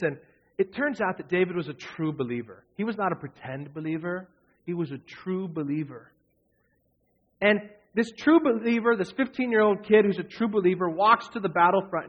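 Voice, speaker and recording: A man's voice: high-pitched, lo-fi sound. A man preaching a sermon in an earnest way, repeating phrases for emphasis. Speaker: pastor.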